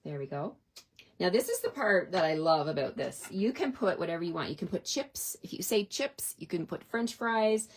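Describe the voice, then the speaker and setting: A woman's voice: lowish voice, animated, moderate pace, husky. A middle-aged woman in a casual, chatty craft tutorial, talking through her stamping steps at a desk and often asking "right?". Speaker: card-making demonstrator.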